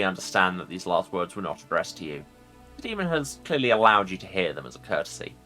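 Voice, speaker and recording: A man's voice: low voice, sing-song, fast, pushed and bright, faint music behind. A man streaming a game, reading its text aloud with casual joking asides. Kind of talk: let's play with narration read aloud.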